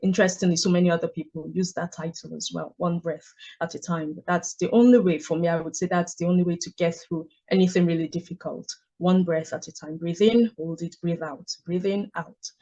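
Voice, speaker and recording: A woman, an author telling stories in a measured, reflective way during a book club discussion. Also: lowish voice, steady tone, mellow, highs cut off. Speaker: author and guest.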